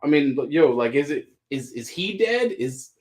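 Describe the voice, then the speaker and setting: A very animated man with a Southern American accent jokes his way through a live sale, reading out items in casual chat. His voice is fairly high with a darkish tone, and he keeps a measured pace.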